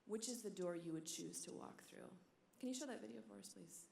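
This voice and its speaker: A religious sister giving a talk at a conference, telling stories with animated energy and dropping to a hushed whisper at tender moments. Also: female voice, mid-range voice, a little fast, gravelly, slight background noise. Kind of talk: sermon. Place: large hall. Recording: echoey hall.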